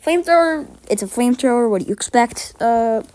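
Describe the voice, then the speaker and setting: A woman with a fairly high voice talks through a tier list of game characters in a loose, rambling way, often correcting herself mid-sentence. She sounds slightly sick and short of breath. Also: expressive, brisk, darkish tone. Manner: rambling, chatty, self-correcting. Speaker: gamer ranking characters. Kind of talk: casual tier-list commentary.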